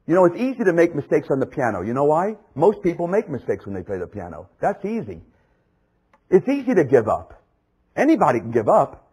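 A man preaching a sermon, swinging from loud exclamations to hushed, low passages. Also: huge pitch swings, fairly quick, slightly rough, rough recording.

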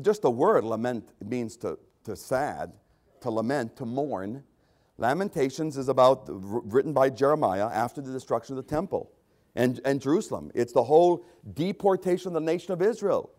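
A man preaching a sermon as a pastor, swinging between loud, emphatic repetition and quiet, conversational asides. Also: medium pitch. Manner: repeats phrases for emphasis.

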